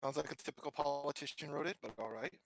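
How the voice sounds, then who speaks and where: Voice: mid-range voice, fast, vocal fry, dry recording. A player in a tabletop game, earnestly describing their character's actions. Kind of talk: casual tabletop game chat.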